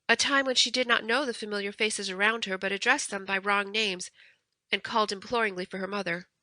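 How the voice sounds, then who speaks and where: A woman reading a classic novel aloud as an audiobook narrator, steady and clear. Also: medium pitch, dry recording. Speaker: audiobook reader. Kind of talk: scripted narration.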